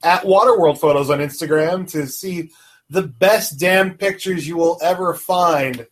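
A man's voice: on the high side, measured pace, low-quality recording. A man who is a guest on a casual podcast, talking in a quippy, offhand way.

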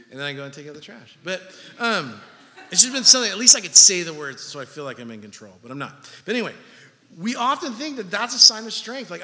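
A man in his thirties preaching a sermon, animated and jokey, acting out little everyday scenes to make his points. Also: high voice, fairly quick. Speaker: pastor. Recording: long hall reverb.

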